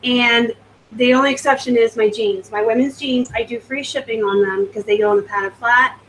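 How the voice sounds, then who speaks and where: On a low-quality recording with some hiss or hum, a West Coast woman runs a live stream, reading viewer comments aloud and chatting loosely about what she's selling. Her voice sits on the high side, a bit bright, with fairly even intonation and a moderate pace.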